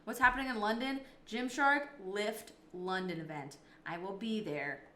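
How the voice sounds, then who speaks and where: A woman's voice: mid-range voice, a little slow, sharp tone, echoey room. A woman streamer chatting casually with her viewers and answering their messages. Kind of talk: casual live-stream chat.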